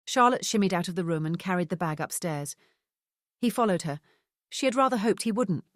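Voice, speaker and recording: A woman reading a novel aloud as an audiobook narrator, in an even, measured way. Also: lowish voice, dry recording, studio quality. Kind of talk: scripted narration.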